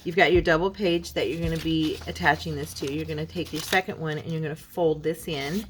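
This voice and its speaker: A woman with a fairly low voice walks viewers through a paper craft project in a relaxed, chatty way. She keeps checking in with "okay" as she folds and shows each piece, with a faint hiss behind her. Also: a little fast. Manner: chatty, many "okay"s, talks while folding and showing paper. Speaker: craft video host. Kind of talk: casual craft tutorial.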